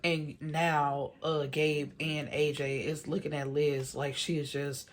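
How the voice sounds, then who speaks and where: A woman's voice: low-pitched, flat delivery, takes it slowly. A woman casually recapping a movie plot, chatty and slangy, full of "you know" and "like", with opinionated, exasperated asides. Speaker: movie reviewer.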